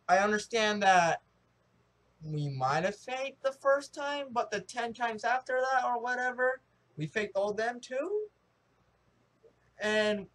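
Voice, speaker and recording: Excitable high-voiced young American man. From United States. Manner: rambling, excitable, with many restarts and fillers. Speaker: vlogger. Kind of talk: casual rambling opinion vlog.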